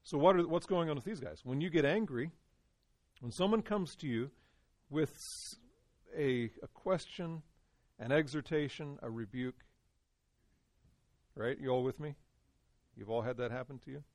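A man's voice: medium pitch, normal speed, no echo. A man teaching a Bible study to a small group in a conversational way, often putting questions to his listeners.

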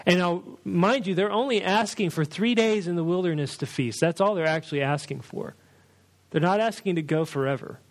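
Man preaching in a lively storytelling way. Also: high-pitched, moderate pace. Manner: lively storytelling, acts out dialogue. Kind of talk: sermon.

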